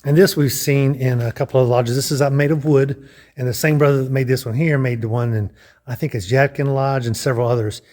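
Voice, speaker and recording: A man's voice: medium pitch, fairly even intonation, fairly quick, a little mellow. A man casually narrating a walking tour of a lodge room, thinking aloud with frequent restarts and guesses. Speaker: vlogger touring a lodge.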